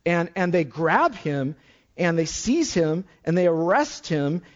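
A man preaching a sermon, swinging between loud exclamations and hushed low passages. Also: sing-song, takes it slowly, highs cut off. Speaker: pastor.

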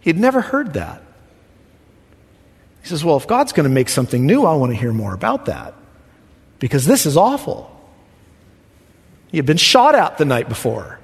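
A man preaching a sermon as pastor, swinging from soft, quiet passages to loud emphatic lines. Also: on the high side, wildly swooping pitch, moderate pace, long pauses, breathy edge, long reverb tail.

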